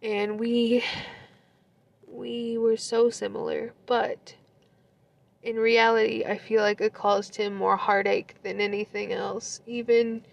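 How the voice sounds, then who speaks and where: A woman's voice: a little high, little pitch movement, slow pace, gravelly. A young woman telling a breakup story in a casual, profane way, holding back tears and laughing through them. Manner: emotional, swears a lot, laughs through tears. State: close to tears.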